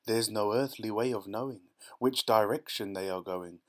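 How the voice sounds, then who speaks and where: A wildly eccentric chocolate-maker in a storybook reading, bursting with glee as he chants rhyming lines and shouts at his crew, as a man puts him on. His voice jumps up high and loud when he is excited. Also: moderate pace, close to an everyday voice. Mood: gleeful. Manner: gleeful, shouting, sing-song rhyming.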